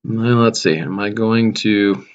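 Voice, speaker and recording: A man who teaches high school math, casually narrating a screen-recorded web coding tutorial as he types, with a touch of dry sarcasm. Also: slow pace, highs cut off. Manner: relaxed, self-narrating while typing, dry sarcasm.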